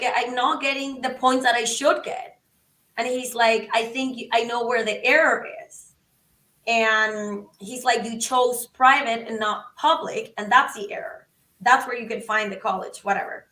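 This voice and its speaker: A woman guest on a podcast, telling a story in an animated, excitable way and acting out the quotes. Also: a little high, moderate pace, roomy sound, far from the mic, low-quality recording. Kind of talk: casual storytelling.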